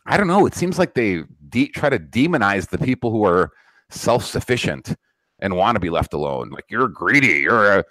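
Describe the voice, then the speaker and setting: A man's voice: on the low side, very animated, normal speed, no room sound. A man hosting a podcast, talking in a blunt, profane, ranting way during casual political chat. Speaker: podcast host.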